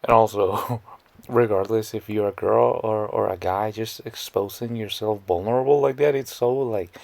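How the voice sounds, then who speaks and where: Gravelly, stammering male commentator. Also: fairly low pitch, steady tone, moderate pace, a little mellow, no room sound. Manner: stammering, scornful, blunt. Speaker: commentary YouTuber. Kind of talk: reaction commentary.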